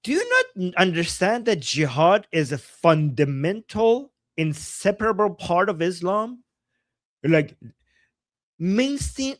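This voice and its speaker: A man from Iran, hosting a livestream and talking in a heated, profane way that often rises to shouting. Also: high-pitched, big pitch swings, takes it slowly, dry recording. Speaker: host. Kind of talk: livestream commentary.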